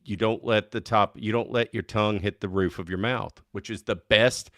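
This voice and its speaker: A man from North Louisiana with a North Louisiana accent, hosting a casual chat show in an excitable, chatty way with frequent laughs. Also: lowish voice, moderate pace, dry recording, clean studio sound. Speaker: host.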